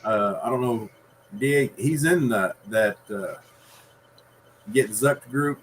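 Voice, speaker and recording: Man, author guest, rambling, unhurried, middling pitch. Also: slight background noise, rough recording. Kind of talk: casual podcast conversation.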